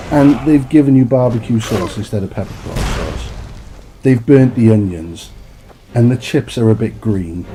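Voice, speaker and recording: A man's voice: medium pitch, dark tone, slight background noise. A man giving a profane, exasperated rant as a gaming commentator. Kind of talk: ranting game review.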